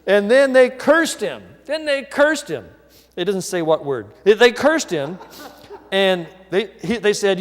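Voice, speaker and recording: A male pastor preaching a sermon, telling the story lively and acting out the people in it. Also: high-pitched, unhurried, long reverb tail. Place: church.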